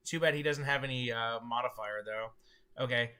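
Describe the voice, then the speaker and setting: A man's voice: medium pitch, normal speed, bright, forceful tone, clean tone. A man narrating a tabletop game as game master, in a casual, hesitant way. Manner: casual, hesitant, filler-heavy.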